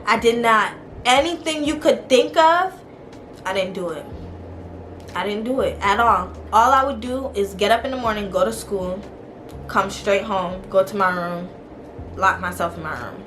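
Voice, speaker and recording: Young woman, vlogger, casual storytime, animated, mid-pitched voice, faint background hiss. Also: moderate pace. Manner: animated, talks straight to viewers.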